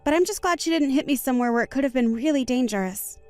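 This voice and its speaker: A composed wronged young bride's guest. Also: female voice, sits high, expressive, a little mellow, faint music behind. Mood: calm. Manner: measured, firm, reasonable. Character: calm young woman wronged at a wedding, composed. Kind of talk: voiced text-message story drama.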